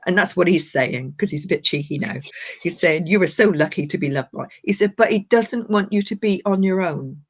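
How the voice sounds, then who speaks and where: Her voice sits low, with lively intonation, a fairly quick pace and a breathy edge. This older psychic medium does readings and chats on a live stream, warmly addressing viewers as darling and sweetheart, all captured in muffled lo-fi stream sound.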